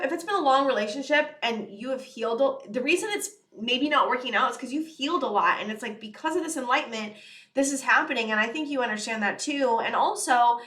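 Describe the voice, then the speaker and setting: Young woman doing a tarot reading, kinda high voice, rambly and earnest, echoey room. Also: brisk, fairly bright tone. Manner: earnest, rambling, many fillers like "you know" and "it's like". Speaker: tarot reader. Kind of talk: casual channeled tarot reading to camera.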